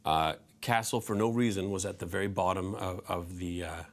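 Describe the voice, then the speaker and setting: Easygoing male actor, low voice. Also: fairly even intonation, moderate pace. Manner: easygoing, many fillers and restarts, laughs. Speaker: actor guest. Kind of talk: interview talk.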